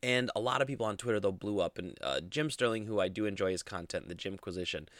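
A man's voice: fairly low pitch, animated, fairly quick, fairly bright tone, dry recording, studio quality. A man hosting a casual solo gaming podcast, rambling with lots of fillers and restarts. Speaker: podcast host.

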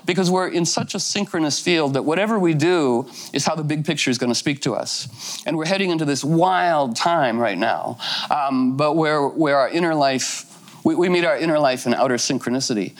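A woman's voice: deep voice, normal speed. A woman giving a loose, rambling talk, playful and full of fillers, acting out little quotes as she goes.

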